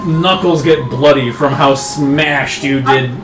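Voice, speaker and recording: A man's voice: medium pitch, slow, over loud music. A man narrating as game master, calling for checks and describing scenes in a casual, laughing way. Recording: echoey room, far from the mic, noisy.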